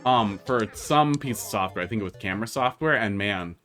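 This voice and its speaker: Over soft background music, a Wisconsin-accented man does relaxed live-stream commentary, playing and answering chat as he goes. His voice is on the low side, animated and brisk, with a fairly bright tone.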